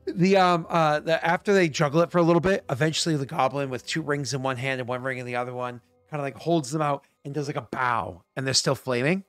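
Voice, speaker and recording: A man's voice: mid-range voice, fairly even intonation, a bit bright, no room sound, faint music behind. Rambling man with a worn voice. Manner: rambling, halting, lots of fillers. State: voice worn from work. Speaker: game master. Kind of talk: narrating a tabletop game.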